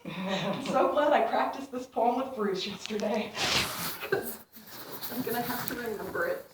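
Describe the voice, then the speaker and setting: A woman's voice: fairly high pitch, slow, recorded from a distance, very noisy. Playful woman telling a story in a hall. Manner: playful storytelling with laughs and acted voices. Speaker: speaker. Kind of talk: inspirational talk to a congregation. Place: church hall. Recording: echoey hall, speaker away from the mic.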